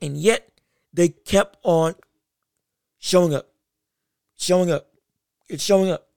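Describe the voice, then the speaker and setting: A woman's voice: lowish voice, slow pace, gravelly, darkish tone, no echo, clean studio sound. A woman sports vlogger giving casual commentary, talking emphatically and repeating phrases for emphasis.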